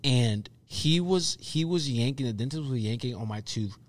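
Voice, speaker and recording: Animated young man telling a story. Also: medium pitch, moderate pace, no room sound. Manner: animated storytelling, repeats himself for emphasis. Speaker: podcast co-host. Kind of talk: casual chat.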